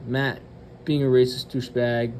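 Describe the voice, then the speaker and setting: A man's voice: medium pitch, little pitch movement, moderate pace, darkish tone, slight background noise. A man hosting his channel, ranting bluntly and cursing often, with hesitant fillers between remarks. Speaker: channel host. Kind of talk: profane ranting commentary.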